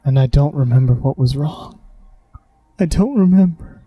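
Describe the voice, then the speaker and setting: A man plays a lost, faceless spirit with no memory of his name, fading fast. The voice is slow and resigned, even-pitched and recorded close and dry, with no room sound around it. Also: breathy edge, no echo, highs cut off, faint music behind, lightly acted.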